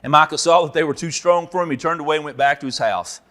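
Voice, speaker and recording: A man preaching a Bible teaching, telling stories and acting out characters with sudden loud outbursts. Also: on the high side, fast talker. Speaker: pastor. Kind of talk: sermon teaching.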